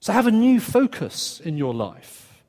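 A man preaching a sermon in a conversational, earnest way, with quick asides and restarts. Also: sits high, big pitch swings, darkish tone. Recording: long reverb of a church hall.

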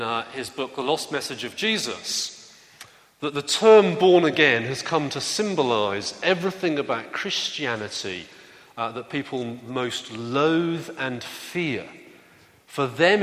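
A man's voice: mid-range voice, a bit bright. A man preaching a sermon in an easygoing, conversational way, telling stories and asking the room questions. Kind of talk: sermon with audience interaction. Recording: long hall reverb.

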